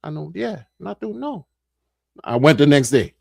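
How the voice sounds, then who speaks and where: A middle-aged man, a streamer, telling a casual story in an animated way, repeating phrases and acting out what people said. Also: on the high side, moderate pace, creaky, no echo, clean studio sound.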